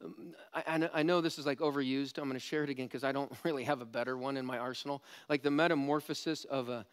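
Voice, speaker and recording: A man preaching a sermon as pastor, animated and jokey, climbing to loud pleading peaks. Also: medium pitch, fast, clean tone.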